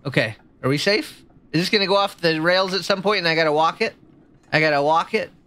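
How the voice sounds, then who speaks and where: A woman streaming a video game, chatting casually with her viewers and jumping into a high, squeaky voice when she gets excited or nervous. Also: a little fast. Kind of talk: casual gameplay commentary.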